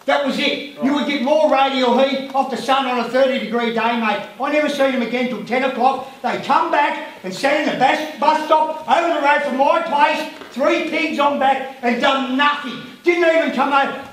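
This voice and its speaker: Angry high-pitched Australian man in an echoey hall. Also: normal speed, hardly any pauses, a bit bright. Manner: angry, blunt, swearing. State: emotional. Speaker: local resident at a community meeting. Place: community hall. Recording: very echoey hall from a distance, faint noise.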